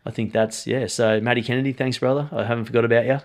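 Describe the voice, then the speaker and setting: A young Australian man talking energetically as a podcast guest, saying mate often. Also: medium pitch. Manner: energetic, talks fast, says mate often. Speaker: podcast guest, strength and conditioning coach. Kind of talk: casual interview chat.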